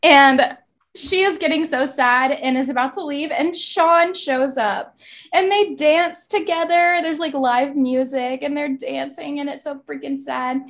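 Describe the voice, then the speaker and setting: Young female co-host, higher-pitched, laughs a lot, casual "like"-heavy delivery. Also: steady tone, unhurried, fairly bright tone. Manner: giggly, chatty, fillers like "like". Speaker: book podcast co-host. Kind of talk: casual chat and book summary.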